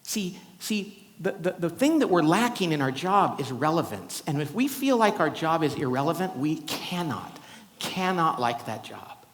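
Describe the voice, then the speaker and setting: A man's voice: on the high side, moderate pace. A man giving a keynote talk to a live audience, telling stories and acting out the people in them. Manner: animated, acts out quoted voices. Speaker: keynote speaker. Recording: reverberant hall.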